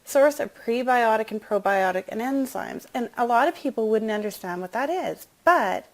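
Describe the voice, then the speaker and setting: A middle-aged woman with lively intonation, speaking at normal speed, confides a personal story with real emotion. She then turns upbeat and chatty to pitch wellness products.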